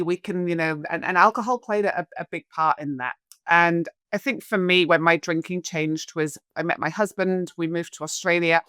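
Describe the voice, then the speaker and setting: Lively storytelling woman, Scottish-English lilt. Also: fairly low pitch, smooth, no echo, clean studio sound. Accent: Scottish with English influence. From Scotland. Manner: animated, acts out quoted voices, lists things off. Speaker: guest, alcohol coach. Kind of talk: conversational interview storytelling.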